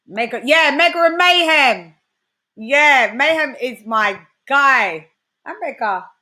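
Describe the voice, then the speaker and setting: A British woman, a grime and dancehall artist hosting a casual livestream chat, full of slang and boastful trash talk. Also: a little high. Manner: animated, slangy, trash-talking banter. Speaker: host.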